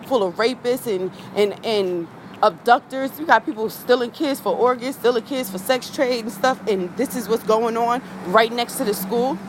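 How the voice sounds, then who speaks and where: A woman's voice: on the high side, normal speed, a little hiss or hum, poor audio. A woman, a vlogger in an angry rant to her viewers, heated, profane and repeating herself.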